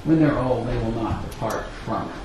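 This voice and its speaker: A middle-aged male pastor telling a family story in a sermon, acting out the family's dialogue with lively storytelling. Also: medium pitch, a little fast, very echoey, rough recording.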